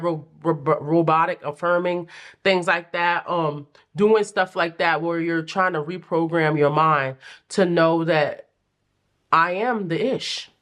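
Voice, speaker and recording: A young adult woman giving a casual pick-a-card tarot reading, chatty and animated, with playful slang and frequent laughs. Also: lowish voice. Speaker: tarot reader.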